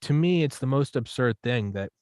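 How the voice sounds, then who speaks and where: With a mid-range voice at a moderate pace and no echo, a man guests on a podcast. His casual talk is rambling and profane, punctuated by little acted-out examples.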